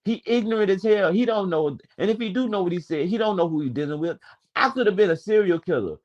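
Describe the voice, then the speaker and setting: A man's voice: sits high, animated, fast talker, darkish tone, dull audio. Wordy young man telling a story. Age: 20s. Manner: wordy, digressive, swears freely. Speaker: panel speaker. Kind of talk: casual storytelling.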